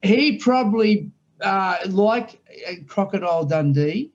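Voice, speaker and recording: A man's voice: high-pitched, expressive, measured pace, a little mellow, highs cut off. A man in his late sixties with an Australian accent, a guest telling rambling stories in casual interview chat. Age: 60s. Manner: rambling storyteller, many restarts.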